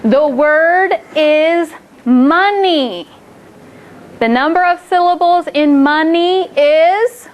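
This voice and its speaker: High-voiced woman teaching young kids. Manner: slow, drawn-out words for children, upbeat praise. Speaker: second grade teacher. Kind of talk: classroom phonics lesson. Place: classroom.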